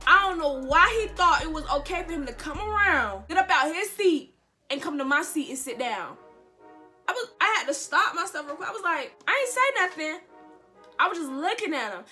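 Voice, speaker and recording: High, bright-voiced young woman telling a story. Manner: animated, dramatic storyteller who talks straight to the viewers; casual slang, repeats lines for emphasis. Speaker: vlogger. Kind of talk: storytime vlog.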